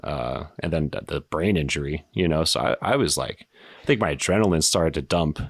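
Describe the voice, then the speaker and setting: A man in his thirties with an extremely deep, low voice tells his story as a podcast guest. He talks casually and haltingly, full of fillers and blunt swearing. The sound is close and dry, with no room echo. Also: husky. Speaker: podcast guest, retired soldier.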